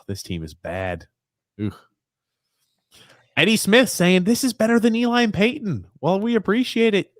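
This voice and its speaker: Animated New York man, teasing host. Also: fairly low pitch, dry recording, clean studio sound. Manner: animated, teasing, reads viewer comments aloud. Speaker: podcast co-host. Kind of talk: live game watchalong chat.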